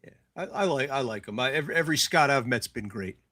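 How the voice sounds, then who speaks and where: A man's voice: mid-range voice, lively intonation, fast talker, sharp tone. A man hosting a casual podcast chat, talking in chatty bursts with frequent stammering restarts. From United States. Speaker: host.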